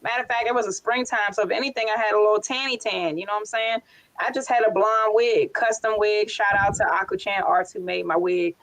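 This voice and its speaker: A woman in a casual panel discussion, telling stories in a playful, animated way. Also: mid-range voice, a little fast, poor audio.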